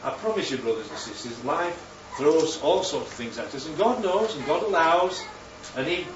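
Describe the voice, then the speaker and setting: A man delivers a sermon at a moderate pace in a fairly high, animated voice that swoops upward on key words, firing rhetorical questions at the room one after another. The mic is distant, so he sounds roomy, set back, and a little dull, with faint ambience and a noisy background.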